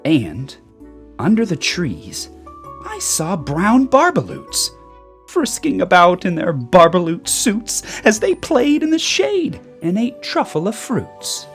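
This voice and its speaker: A woman reading a rhyming children's book aloud in an expressive storytelling manner. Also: lowish voice, slow pace. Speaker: storybook reader. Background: soft background music.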